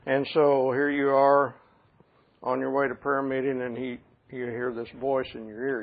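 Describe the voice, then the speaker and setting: A man preaching a sermon as a pastor, shifting between quiet storytelling and loud, emphatic passages. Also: medium pitch, level tone, normal speed. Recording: tinny phone-like sound.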